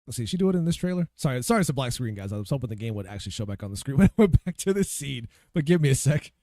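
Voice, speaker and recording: A man's voice: mid-range voice, very animated, very fast, warm tone, dry recording, studio quality. A man giving casual, profane commentary while playing a game, ranting and talking to himself. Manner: ranting, swears freely, talks to himself while searching. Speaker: gaming video creator.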